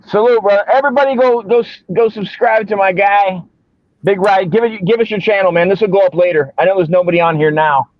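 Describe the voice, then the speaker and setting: A man's voice: sits high, fairly even intonation, fast. A man hosting a casual live stream, talking in friendly slang and calling his guest brother and man. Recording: dry, dull lo-fi sound.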